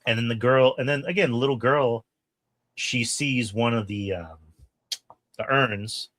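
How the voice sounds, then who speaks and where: In an unhurried mid-range voice on a dry recording, a podcast co-host chats casually about a horror film. His animated review is laced with swearing, and he acts out lines from the movie.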